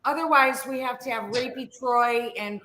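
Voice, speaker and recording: A woman co-hosting a podcast, animated and casually swearing. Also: a little high, normal speed, reverberant. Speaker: podcast co-host.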